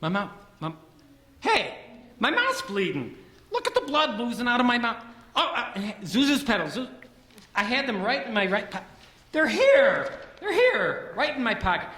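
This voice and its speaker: A man's voice: extremely high pitch, huge pitch swings, moderate pace, bright, forceful tone, heavily acted. A man playing a desperate family man in an amateur church stage play, pleading and then overjoyed. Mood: elated. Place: church hall. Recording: echoey hall with faint music.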